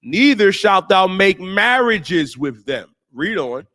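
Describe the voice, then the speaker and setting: A man's voice: high-pitched, very animated, slow pace, bright, forceful tone. Emphatic slangy male scripture preacher. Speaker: host and teacher.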